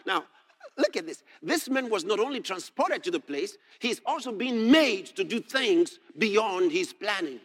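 A man preaching a sermon, reading scripture aloud and commenting on it, rising to shouts and laughing with delight at the text. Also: high voice, big pitch swings, measured pace.

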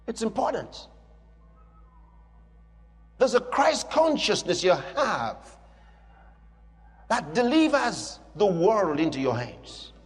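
A man's voice: high-pitched, very animated, slow pace, long pauses, in a large hall, soft background music. A man preaching a sermon with emphatic, repeated declarations.

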